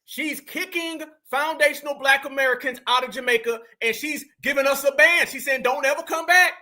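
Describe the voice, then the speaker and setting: A man with a very high, piercing voice, delivering emphatic commentary like he's preaching. He speaks straight to his audience and pushes every point hard. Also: fairly even intonation, moderate pace, sharp tone. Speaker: podcast host. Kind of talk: political commentary.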